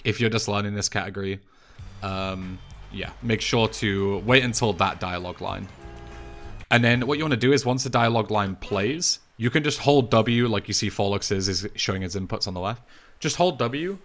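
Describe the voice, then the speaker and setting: A young man with an English accent, talking through a speedrun tutorial voice-over in a relaxed, chatty way, with plenty of fillers and restarts. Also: fairly low pitch, normal speed, faint music behind. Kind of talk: casual game tutorial voice-over.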